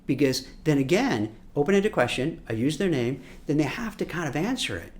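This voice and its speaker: Animated Brooklyn-raised male career coach. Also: a little high, brisk. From Brooklyn, New York. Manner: animated, repeats words, acts out quotes. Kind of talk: coaching masterclass talk.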